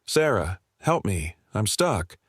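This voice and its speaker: A creature lurking in the dark woods, imitating a lost child and a sister's voice in a plaintive, eerie plea, as a man reads it. The voice stays low and close, in a dry space. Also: sing-song, takes it slowly, slightly rough, dry recording, heavily acted.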